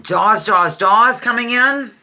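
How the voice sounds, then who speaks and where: A woman's voice: fairly high pitch, slow, bright, forceful tone. A woman hosting a casual live-stream game, chatting and reading out viewers' answers with frequent giggles. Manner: chatty, giggly, reads viewer comments aloud. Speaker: livestream host.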